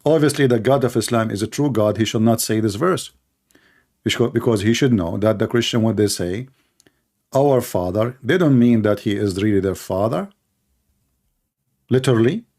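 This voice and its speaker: A man's voice: fairly low pitch, moderate pace, darkish tone. A man hosting a confrontational call-in debate, speaking in a sarcastic, taunting way. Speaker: debate show host.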